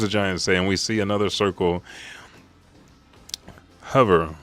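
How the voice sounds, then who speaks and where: A man with a fairly low voice excitedly recaps a comic chapter for a live audience. He swears freely and narrates the fights with gusto. Every so often he leaps into loud, high-pitched shouts to voice the characters. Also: normal speed, no room sound, soft background music. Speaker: host of a live chapter read.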